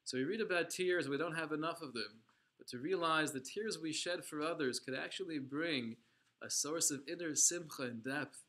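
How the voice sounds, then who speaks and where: A man's voice: a little high, moderate pace, sharp tone. A man teaching a religious class, telling a story dramatically and with emphasis, using Hebrew and Yiddish terms. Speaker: Torah teacher.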